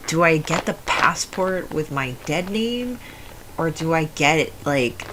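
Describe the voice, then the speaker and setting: A young adult woman with a low voice often taken for a man's, telling a personal story in a rambling way with many fillers and restarts. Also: pushed and bright, slight background noise, low-quality recording. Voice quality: low voice often heard as male. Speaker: video essayist.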